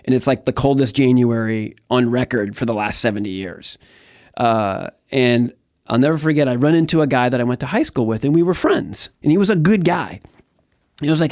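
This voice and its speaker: A man's voice: medium pitch, normal speed, darkish tone, no echo, studio quality. A middle-aged man from the United States telling his life story as an interview guest, candid and rambling, with many fillers and restarts. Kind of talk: personal testimony in conversation.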